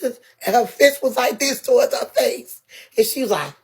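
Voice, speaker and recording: Husky woman telling a story. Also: on the high side, normal speed. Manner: animated, laughing often, profane. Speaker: guest. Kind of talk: casual storytelling.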